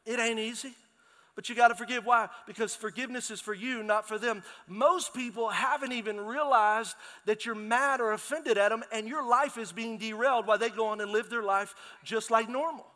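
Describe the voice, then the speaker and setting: A middle-aged pastor preaching with a bright, ringing tone and a fairly high voice. He tells lively stories and calls out to the congregation, his voice trailing into the long reverb of a big church hall. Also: moderate pace, hardly any pauses. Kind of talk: sermon.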